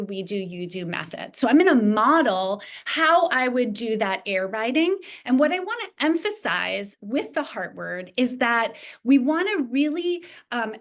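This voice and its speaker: A woman presenting a teacher training lesson on reading, explaining each step patiently and modeling it aloud. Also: on the high side.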